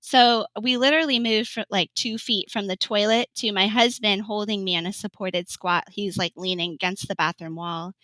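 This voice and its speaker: A woman's voice: mid-range voice, fairly even intonation, normal speed, few pauses, pushed and bright, no room sound, poor audio. A woman in her thirties from California telling her birth story in an interview, chatty, laughing often and acting out what people said. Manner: chatty, laughs often, acts out quoted lines. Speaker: podcast guest.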